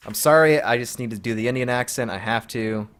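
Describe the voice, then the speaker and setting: A man's voice: mid-range voice, fairly quick, fairly bright tone. A man casually commenting while playing a video game, reading menu items aloud half to himself in an offhand, wry way.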